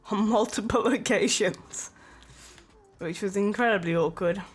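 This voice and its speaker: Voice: medium pitch, slow pace, husky. A streamer chatting casually and rambling, with lots of filler words and small laughs.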